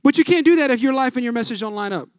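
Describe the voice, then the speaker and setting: A man in his thirties, a pastor, preaching a sermon in a casual, energetic way full of rhetorical questions. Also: very high-pitched, rapid-fire, no room sound, clean studio sound.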